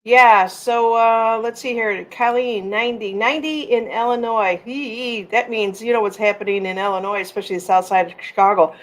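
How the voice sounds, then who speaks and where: A woman's voice: mid-range voice, fairly even intonation, fairly quick, hardly any pauses. A middle-aged woman hosting a casual livestream, rambling and reading out viewer comments. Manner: rambling, chatty, reads viewer comments aloud. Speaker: livestream host.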